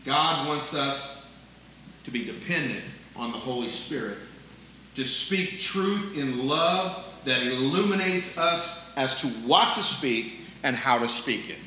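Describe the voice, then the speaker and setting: An older man preaching a sermon, earnest, moving between loud emphasis and quiet asides. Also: mid-range voice, expressive, slow pace, a little hiss or hum. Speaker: pastor. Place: church sanctuary. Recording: echoey room, voice from a distance.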